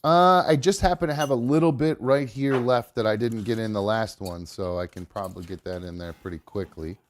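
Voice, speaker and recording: A man hosting a live show in casual chat, rambling and swearing freely, quick to laugh, often drifting away from his mic. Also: on the low side, slight background noise. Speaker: podcast host.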